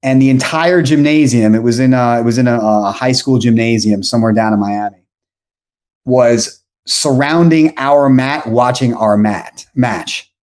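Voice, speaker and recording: Guy in his 40s on a podcast, chatty, goes off on tangents, mid-pitched voice. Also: unhurried. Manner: rambling, self-correcting, animated anecdotes. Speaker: podcast guest. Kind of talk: casual storytelling.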